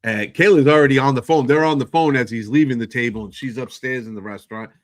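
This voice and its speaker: A man's voice: mid-range voice, fast talker. A man co-hosting a casual TV recap show, retelling scenes and acting out the characters' lines. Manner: relaxed storyteller, acts out dialogue. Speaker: podcast co-host.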